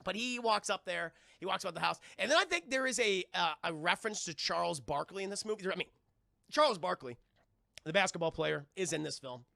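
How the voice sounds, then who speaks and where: A man giving a casual live-stream spoiler review of a film, profane and animated, with many restarts. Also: high-pitched, a little fast, vocal fry, dry recording, studio quality.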